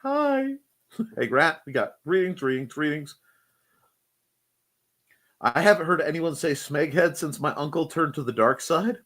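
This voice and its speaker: A playful man hosts a loose live chat show, bouncing between jokes and quick asides. His voice sits a little high and swings widely in pitch, so he sounds lively and animated throughout. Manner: playful, slips into silly voices. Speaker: host.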